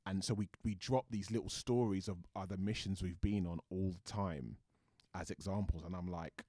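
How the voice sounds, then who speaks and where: A man's voice: deep voice, steady tone, moderate pace, few pauses, dark tone, no room sound, studio quality. A British man, an actor guest, chatting thoughtfully in an interview and often restarting his sentences. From Britain. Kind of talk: casual interview chat.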